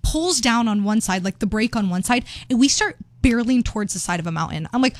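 A young woman chatting casually about a trip, giggly and animated, acting out quotes. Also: fairly high pitch, fast talker, few pauses, dry recording. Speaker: travel vlogger. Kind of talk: casual chat.

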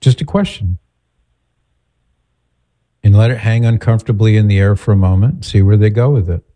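Man with a low, mellow voice. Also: normal speed. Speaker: host giving advice to a caller. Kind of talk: advice call-in talk.

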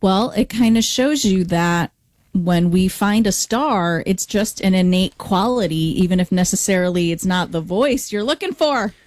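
A woman's voice: mid-range voice, animated, moderate pace, darkish tone, no echo, studio quality. A woman co-hosting a talk show, chatting casually and reflectively, laughing easily. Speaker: co-host.

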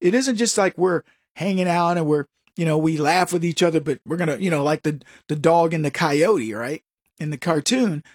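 A man's voice: on the high side, normal speed, dry recording, studio quality. A man hosting a political opinion show, talking in a combative, sarcastic monologue and mocking his opponents. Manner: combative, sarcastic, mocks opponents in put-on voices. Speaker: political commentary show host.

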